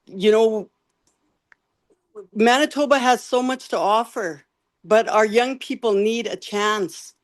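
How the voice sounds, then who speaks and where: An older woman, a candidate giving an emotional, halting closing statement over a video call, often repeating words. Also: on the high side. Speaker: election candidate.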